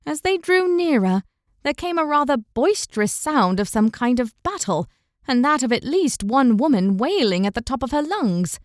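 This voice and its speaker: A woman reading a fantasy audiobook as narrator, in steady, even storytelling. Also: high voice, normal speed, no echo, studio quality. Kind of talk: scripted narration.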